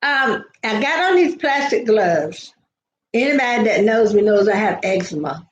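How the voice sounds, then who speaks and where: Older woman, live-stream host, slightly high voice, roomy echo. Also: expressive, moderate pace, dull audio. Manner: chatty, greets viewers by name, storytelling asides. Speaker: livestream host. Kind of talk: casual live chat with viewers.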